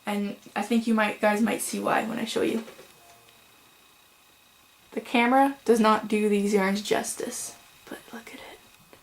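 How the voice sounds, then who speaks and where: A young woman chatting casually to camera at home about her crochet projects, with frequent "um"s and "so"s and quick apologies. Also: mid-range voice, flat delivery, slight background noise, rough recording. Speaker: crochet vlogger. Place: home room.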